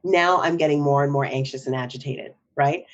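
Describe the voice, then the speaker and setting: A woman's voice: deep voice, a little fast, dull audio. A middle-aged woman, a psychotherapist, talking in a podcast interview in a reflective way, often checking in with "right?". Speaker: psychotherapist guest.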